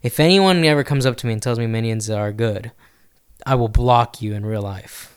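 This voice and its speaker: A man's voice: medium pitch, moderate pace, smooth. A man in casual chat, opinionated and blunt, often breaking into short snatches of song.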